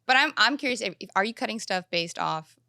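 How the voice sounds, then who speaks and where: A woman hosting a podcast, chatty and quick to laugh, jumping in with eager comments. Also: medium pitch, animated, gravelly, bright, forceful tone, dry recording, clean studio sound. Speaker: podcast host. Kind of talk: casual podcast chat.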